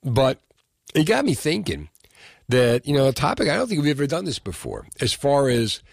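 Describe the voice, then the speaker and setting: A man's voice: medium pitch, big pitch swings, normal speed, creaky, no echo. A man hosting a nighttime radio talk show, chatting loosely and rambling with lots of filler words from a studio microphone. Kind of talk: casual radio chat.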